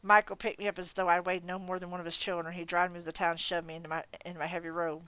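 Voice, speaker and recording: A woman with a low, slightly tired voice reads a first-person novel aloud, expressive and unpolished. She is recorded close to the mic in a dry, dead room with no echo. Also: rapid-fire, smooth. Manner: expressive reading, breaking off to laugh and comment. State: voice getting tired. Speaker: audiobook reader. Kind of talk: audiobook reading of a novel.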